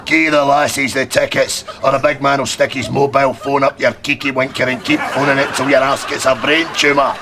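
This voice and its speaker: A man's voice: mid-range voice, flat delivery, a little fast, few pauses, close to an everyday voice. An actor with a Scottish accent playing a brash, swaggering tough who calls himself the big man, firing off crude insults in a sketch comedy. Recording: crowd and noise behind, laughter.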